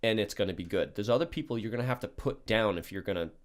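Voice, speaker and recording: Animated, lively-voiced young man. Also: fairly low pitch, fast. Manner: animated, swears a lot, acts out quotes. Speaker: podcast host telling a story. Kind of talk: casual storytelling.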